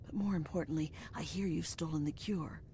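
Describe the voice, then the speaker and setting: An actress voicing a calm, scheming female rebel in a video game, measured and confiding. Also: sits low, slight background noise. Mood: conspiratorial.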